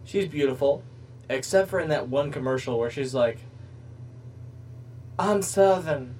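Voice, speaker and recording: A man's voice: mid-range voice, animated, brisk, darkish tone, distant mic, a little hiss or hum, rough recording. A man hosting a podcast, rambling through crude comedic bits in casual chat. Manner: jokey, rambling, crude humor. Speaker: podcast host.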